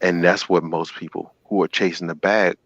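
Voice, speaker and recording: Guy with a lowish voice hosting a call-in show, preachy storytelling, acts out quotes, dull dry sound. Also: normal speed, dry recording. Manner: animated retelling, acts out quotes. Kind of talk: storytelling sermon-like talk.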